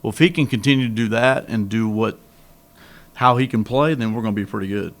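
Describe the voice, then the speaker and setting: A middle-aged head basketball coach answers reporters at a press conference in a fairly low, brisk voice. He's candid and rambling, restarting his sentences often.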